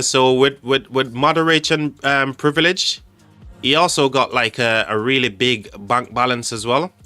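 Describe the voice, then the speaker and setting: Bright-voiced man hosting a game stream. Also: medium pitch. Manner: chatty, joking with chat, calls people mate. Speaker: livestream host. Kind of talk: casual live game commentary. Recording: faint music behind the voice.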